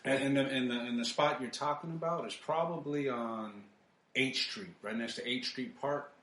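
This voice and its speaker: A man's voice: medium pitch, moderate pace, a bit bright. Emphatic man in a roomy echo. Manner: emphatic, repeats his points. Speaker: podcast co-host. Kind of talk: casual chat.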